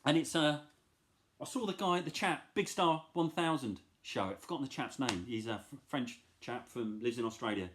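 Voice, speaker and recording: A man's voice: mid-range voice, moderate pace, a bit bright, slight background noise. A middle-aged man casually chatting about his record finds, enthusiastic and rambling, with self-deprecating asides. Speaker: vinyl collector vlogger. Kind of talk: casual chat.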